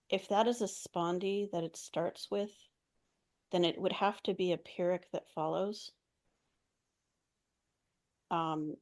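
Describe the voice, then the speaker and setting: A woman's voice: on the low side, darkish tone. A woman in a seminar discussion asking a careful question. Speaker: seminar student.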